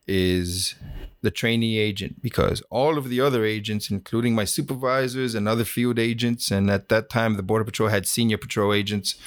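Dry-voiced, low middle-aged man. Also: fairly even intonation, moderate pace, no echo. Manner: plainspoken, wry, with many fillers and restarts. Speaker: former Border Patrol agent telling his story. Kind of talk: casual personal storytelling.

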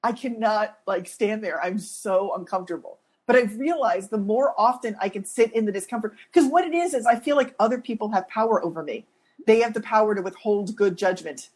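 A woman co-hosts a podcast in a relaxed, conversational way. Her voice has a slightly husky edge. She tells stories with animation and a self-deprecating humor. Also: mid-range voice, a little fast. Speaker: podcast co-host. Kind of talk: casual conversational storytelling.

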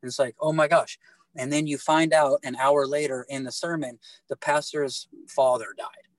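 A middle-aged man telling his faith story in casual talk, animated and halting, often repeating words and restarting. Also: mid-range voice, no room sound, rough recording. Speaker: guest telling his testimony.

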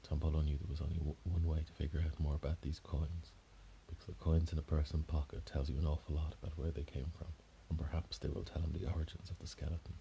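A man spins an improvised detective tale in a very low, dark voice. He rambles, stops and restarts mid-sentence as he goes. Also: flat delivery, fast, gravelly, few pauses, a little hiss or hum. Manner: rambling, with frequent restarts and self-corrections. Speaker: storyteller. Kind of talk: improvised story narration.

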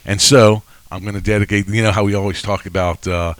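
A man's voice: on the low side, fairly even intonation, a little fast, dry recording. A man in his sixties hosting a faith podcast, telling emotional stories in a rambling way with many restarts. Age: 60s. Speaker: podcast host. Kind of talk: casual faith podcast chat.

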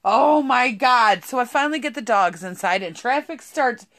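A woman's voice: a little high, lively intonation, moderate pace, fairly bright tone. A woman, telling a rambling story in casual chat, swearing constantly and laughing often. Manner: profane, rambling, laughs a lot.

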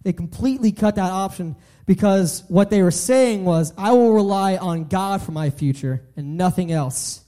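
Young man, high voice, mellow tone, earnest sermon, restarts phrases. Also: moderate pace. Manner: earnest, repeats and restarts phrases, acts out a joke story. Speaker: preacher.

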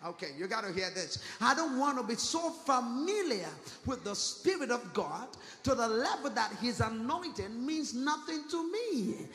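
A man with a strikingly high voice preaches a fervent sermon, repeatedly calling out to his congregation with rhetorical questions. The sound carries the roomy echo and long reverb of a church hall. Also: very animated, moderate pace, few pauses, fairly bright tone. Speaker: pastor.

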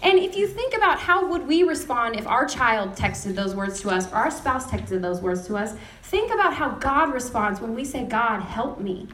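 Woman preacher, high voice, echoey hall sound, storytelling sermon delivery. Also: moderate pace, few pauses, a little hiss or hum. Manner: storytelling with lively retold dialogue. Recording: echoey room.

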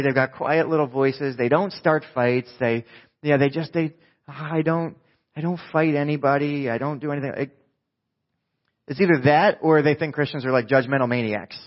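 A man's voice: fairly high pitch, highs cut off. A man from New Jersey preaching a sermon as pastor, conversational and joking, often asking the congregation questions.

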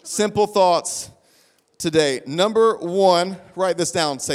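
Male pastor, high voice, passionate repetitive sermon delivery, long hall echo. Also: slow. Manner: impassioned, rhythmic preaching with repeated phrases and restarts. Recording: long reverb of a large hall.

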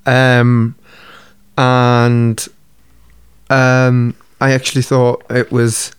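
A man with a smooth, clear voice talks loosely in a casual podcast chat. He swears freely and laughs easily as he rambles. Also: mid-range voice, monotone, extremely slow, no room sound. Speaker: podcast co-host.

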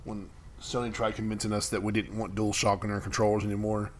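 A man's voice: on the low side, level tone, brisk, a little hiss or hum. A man co-hosting a podcast in casual chat, rambling, trailing off mid-sentence and laughing often. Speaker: podcast co-host.

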